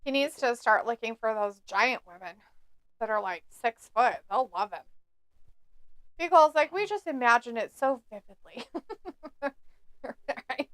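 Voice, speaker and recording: Giggly high-voiced woman reading chat. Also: expressive, measured pace, long pauses, a bit bright, clean tone, no room sound. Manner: laughs often, reads viewer chat aloud. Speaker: live stream co-host. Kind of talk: casual watch-along chat.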